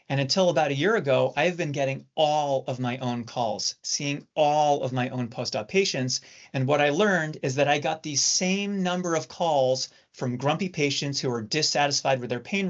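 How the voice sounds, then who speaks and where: Measured male surgeon, lo-fi sound. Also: mid-range voice. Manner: measured, explanatory. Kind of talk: recorded training talk for nurses. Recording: dull lo-fi recording.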